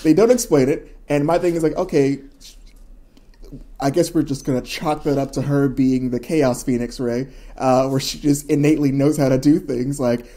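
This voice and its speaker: A man's voice: mid-range voice, fairly even intonation, moderate pace, mellow. A man co-hosting a podcast, talking in a loose, rambling, enthusiastic way with lots of fillers. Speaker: podcast co-host. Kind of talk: casual chat.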